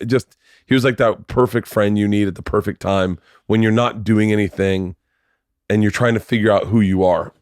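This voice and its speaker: A middle-aged man telling stories in a casual podcast chat, animated and swearing freely, acting out the voices of people in his anecdotes. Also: low-pitched, clean tone, dry recording, clean studio sound. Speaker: podcast guest, comedian.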